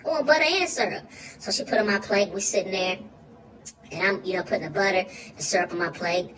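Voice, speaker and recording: A woman's voice: medium pitch, fast, far from the mic, background noise, lightly acted. A woman playing a goofy, food-loving young boy, rambling through a comic monologue with slang and sudden squealing outbursts.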